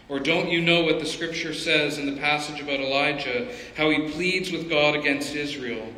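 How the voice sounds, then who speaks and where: A man preaching as a pastor in an expository sermon, conversational and animated, with personal asides. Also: on the high side, moderate pace, hardly any pauses. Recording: echoey hall with long reverb.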